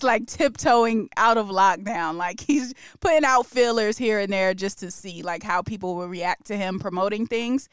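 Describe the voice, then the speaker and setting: Chatty woman with a smooth, dry voice. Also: a little high, no echo. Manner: chatty, laughs often, playful with impressions. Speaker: podcast co-host. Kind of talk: casual chat.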